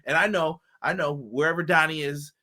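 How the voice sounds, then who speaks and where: Excitable man on a live stream. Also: a little high, moderate pace. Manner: animated, exclaims and swears freely. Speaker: wrestling show co-host. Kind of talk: casual live-stream chat.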